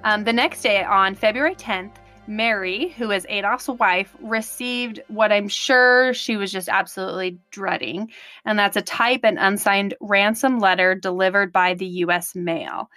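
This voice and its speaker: A woman's voice: mid-range voice, a little slow, pushed and bright, no echo, faint music behind. A woman co-hosting a true crime podcast, explaining the case in a casual, chatty way. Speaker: podcast co-host.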